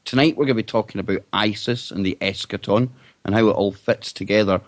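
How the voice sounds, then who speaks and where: A man's voice: fairly low pitch, fast talker, no room sound. A man hosting an internet radio talk show, upbeat and jokey as he welcomes guests.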